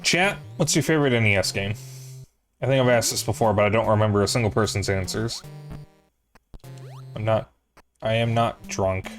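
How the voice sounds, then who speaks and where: A man's voice: on the low side, normal speed, pauses often, soft background music. A man streaming a retro game, talking casually and sarcastically to his chat while he plays. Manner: sarcastic, joking, talks to chat while playing. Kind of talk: casual gameplay commentary to chat.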